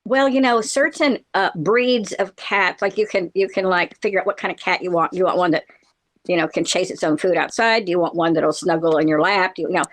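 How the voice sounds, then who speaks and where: A woman's voice: lowish voice, fairly quick, a bit bright. A middle-aged woman in casual chat, telling a long personal story in a rambling way, with many fillers and frequent laughs.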